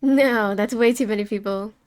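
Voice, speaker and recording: A woman's voice: medium pitch, normal speed, darkish tone, smooth, dry recording. A young woman casually chatting while drawing live, laughing and swearing offhandedly as she answers chat. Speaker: art streamer.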